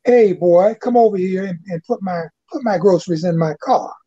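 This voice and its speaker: An older man voicing a hostile young woman barking orders, his pitch lifted a little, in a dull lo-fi webcast recording. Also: moderate pace, warm tone, slightly rough. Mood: bossy. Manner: scornful, demanding.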